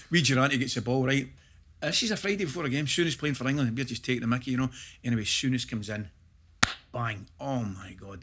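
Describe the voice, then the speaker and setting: An older man with a Scottish accent telling a football story with animated energy and laughing asides. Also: medium pitch, background noise. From Scotland. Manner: lively anecdotal, broad dialect, laughing asides. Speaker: guest.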